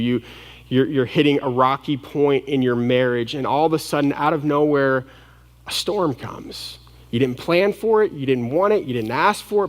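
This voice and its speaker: A man preaching a sermon as pastor, dramatic, swinging from hushed to loud and acting out panicked voices. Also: medium pitch, in a large hall. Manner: acts out the disciples' panicked voices.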